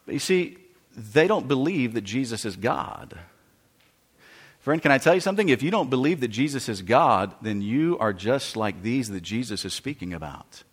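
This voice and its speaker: A man, a pastor, telling a story in a sermon with animated, emphatic delivery and frequent repetition. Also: medium pitch, moderate pace, slightly rough, in a large hall.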